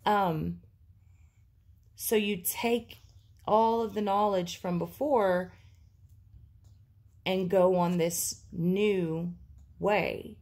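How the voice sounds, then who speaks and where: A woman's voice: medium pitch, fairly even intonation, drawn-out words, long pauses, darkish tone. A woman giving an intuitive tarot reading, talking casually and thinking aloud with many fillers. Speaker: tarot reader.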